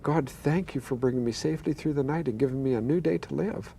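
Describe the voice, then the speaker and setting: A man's voice: mid-range voice, fast, vocal fry, warm tone, slightly rough. An older man, a pastor, telling his own healing story earnestly, acting out the voices he quotes and stammering now and then. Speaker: pastor and guest. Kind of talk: telling a personal testimony.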